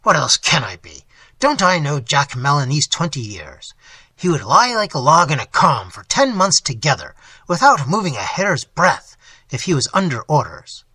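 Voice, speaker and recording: A man voicing a gruff, bloated Dutch innkeeper with a guttural Dutch accent, hearty and blunt, in a storybook reading. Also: on the high side, very animated, moderate pace, sharp tone, dry recording, full character voice.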